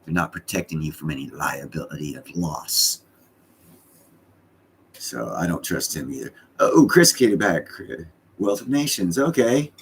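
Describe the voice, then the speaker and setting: A man's voice: sits low, animated, a little slow, slight background noise. A middle-aged man hosting his own live stream from home, chatting casually in a rambling, blunt and profane way.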